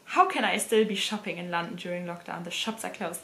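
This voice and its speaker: A woman's voice: on the low side, fairly even intonation, a little fast, fairly bright tone, a little hiss or hum. A woman with a German accent chatting casually to camera as a fashion vlogger, laughing often. German is her first language. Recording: roomy echoey room.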